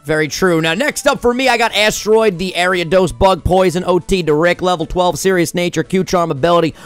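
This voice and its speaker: A young man co-hosts a gaming video in a high, light voice. He teases his partner and draws words out for show, with faint music running in the background. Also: brisk, clear, resonant tone. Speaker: co-host. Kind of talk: gaming commentary.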